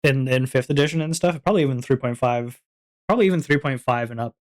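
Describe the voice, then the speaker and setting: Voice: medium pitch, fast. A streamer in a casual chat, rambling with many "like"s and frequent laughter while wrapping up a stream. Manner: rambling, giggly, lots of fillers.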